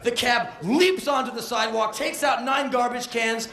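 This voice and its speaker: A man in his thirties performing a comedic spoken word monologue on stage, breathless and swinging from deadpan to yelling. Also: extremely high pitch, moderate pace, creaky, slight background noise. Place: live stage. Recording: echoey live venue on old VHS.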